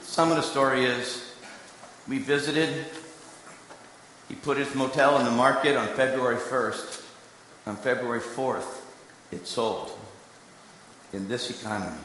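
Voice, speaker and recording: A man giving a sermon, telling a story that swings between quiet asides and emphatic lines. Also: mid-range voice, slight background noise. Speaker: preacher and candidate recruiter. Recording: echoey hall with long reverb.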